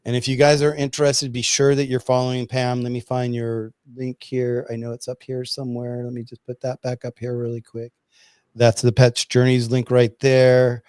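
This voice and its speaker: Animated male host in a dry room. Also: medium pitch, normal speed, smooth, no echo. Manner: animated storyteller. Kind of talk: casual chat.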